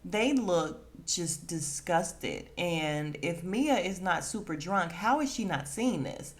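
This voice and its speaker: Recapping a reality show on her podcast, a woman keeps things casual and gossipy, laughs frequently, and performs quotes in put-on voices. She speaks slowly in a lower, expressive voice.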